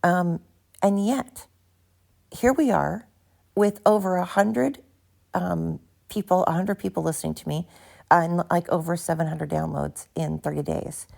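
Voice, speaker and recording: A woman's voice: lowish voice, a little slow, creaky, darkish tone. A tired woman hosting a casual solo podcast, rambling and swearing cheerfully at herself, recorded into her phone. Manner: rambling, profane, self-mocking. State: tired, barely awake. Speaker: podcast host. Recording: phone recording with background noise.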